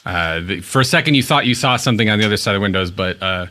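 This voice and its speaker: Give me a man with a bright, slightly low voice describing scenes as game master, halting and rambling. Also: lively intonation. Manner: rambling, halting, lots of filler words. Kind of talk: narrating a tabletop game.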